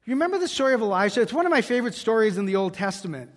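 A man with a strikingly high voice preaches a sermon. He tells a scripture story and rises in pitch and force for the quotes. A long reverb trails behind his words. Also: sing-song, very fast. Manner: storytelling, quoting scripture with raised voice.

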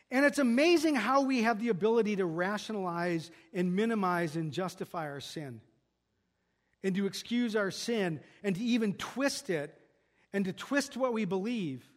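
A man's voice: sits high, normal speed. A pastor preaching an earnest expository sermon, often restarting and repeating words as he works through a passage.

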